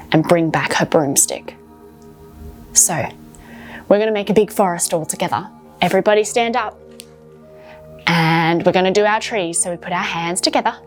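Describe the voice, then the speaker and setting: A woman coaching children through yoga poses while telling a story, encouraging and instructive. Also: medium pitch.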